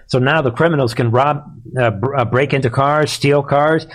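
A man's voice: mid-range voice, moderate pace. A man hosting live political commentary, sarcastic and heated, and he often laughs.

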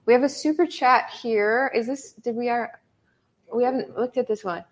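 A woman's voice: a little high, moderate pace. A woman hosting a casual livestream chat, blunt and joking, often laughing as she talks. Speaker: host.

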